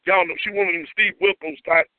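A man with a very high, shrill voice rants loudly and profanely, breaking into whooping shouts. He hosts a call-in comedy show. The sound is a thin, tinny phone line, very dry, with faint music behind. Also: steady tone, a little fast, dry recording. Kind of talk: comedic call-in radio rant.

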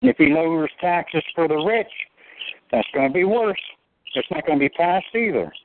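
A whiny, high-pitched grumbling caller, as a man puts him on, dragging out his complaints. The sound is a tinny phone line with a steady hiss behind it. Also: moderate pace, close to an everyday voice.

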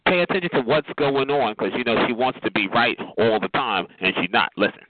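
A man hosting a casual call. He sets up a clip and talks in a bossy, hurried way. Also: mid-range voice, lively intonation. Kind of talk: casual chat. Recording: noisy phone line.

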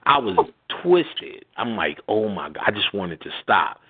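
A man's voice: lowish voice, measured pace. A man hosting a radio show, telling a laughing, slangy story in casual chat and acting out the voices in it. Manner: animated, laughing, slangy, acts out quotes. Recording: tinny phone-like line with clear noise.

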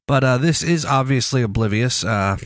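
A podcast host with a medium-pitched voice and a stuffy nose from a cold talks at a normal speed. He rambles, jokes, and bosses his co-host around as he steers the casual chat. The sound is clean studio audio with no echo.

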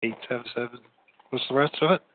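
Speaking fast in a steady, mid-range voice, a man hosts a casual late-night call-in on his own podcast. He rambles, repeats words, and laughs easily, and the dry recording has a tinny, phone-like quality.

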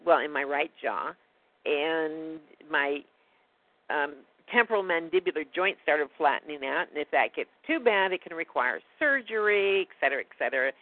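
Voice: medium pitch, lively intonation, normal speed, no room sound. A guest telling a personal story in a rambling, indignant way during a casual phone conversation. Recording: tinny phone line, dry.

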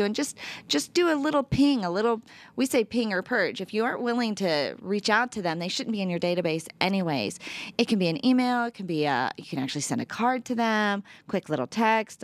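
A woman's voice: medium pitch, no room sound. A woman co-hosting a radio talk show, chatting casually as she reads through a list of tips, with plenty of fillers. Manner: chatty, upbeat, lots of fillers.

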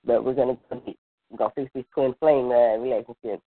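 A woman's voice: very deep voice, steady tone, normal speed, breathy edge. A woman from Los Angeles, a guest intuitive reader on call-in radio, playful and laughing. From Los Angeles, California. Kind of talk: casual call-in radio chat. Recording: tinny phone line.

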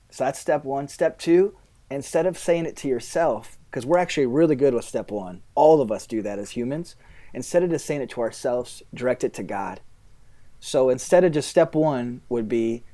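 A man, a pastor, answering interview questions in an earnest, halting way, often quoting his own prayers. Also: mid-range voice, lively intonation, dark tone.

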